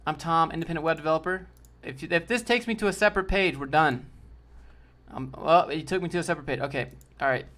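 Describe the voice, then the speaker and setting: A man's voice: on the high side, fast talker, a bit bright. A man hosting a casual livestream, answering chat in a loose, slangy way and calling people dude and bro.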